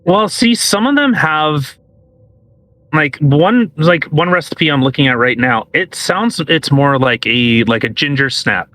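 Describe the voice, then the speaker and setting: A man's voice: fairly high pitch, animated, a little slow, sharp tone. A man co-hosting a casual podcast who rambles and hesitates, restarting his sentences as he talks. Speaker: podcast co-host.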